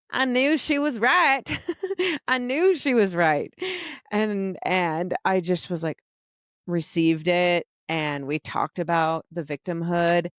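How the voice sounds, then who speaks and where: A woman's voice: medium pitch, clean tone, no room sound, clean studio sound. A woman telling her own story frankly, laughing often and poking fun at herself. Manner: frank, self-mocking, laughs often, casual swearing. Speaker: vlogger telling a personal story. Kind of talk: candid personal storytelling.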